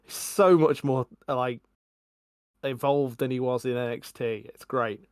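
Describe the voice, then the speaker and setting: A man in his forties co-hosting a podcast, chatting casually in a measured, reflective way. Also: medium pitch, steady tone, dry recording, studio quality. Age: 40s. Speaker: podcast co-host. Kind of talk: casual chat.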